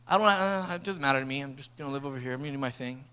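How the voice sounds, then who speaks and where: A man preaching a sermon as a pastor, energetic and storytelling, acting out bits of dialogue as he goes. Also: medium pitch, racing, smooth. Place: church sanctuary.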